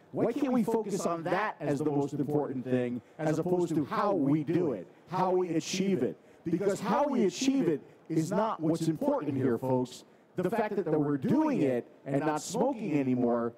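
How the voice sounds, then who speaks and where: A man's voice: a little high, far from the mic. An American man talking casually and earnestly to an audience as a conference panel speaker. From United States. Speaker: panel speaker, product reviewer. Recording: loud audience noise in a conference hall.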